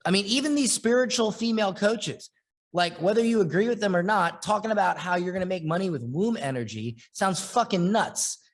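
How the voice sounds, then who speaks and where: A man giving a blunt, profane motivational training talk as an online marketing coach, talking in restless bursts with quick restarts. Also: high-pitched, lively intonation.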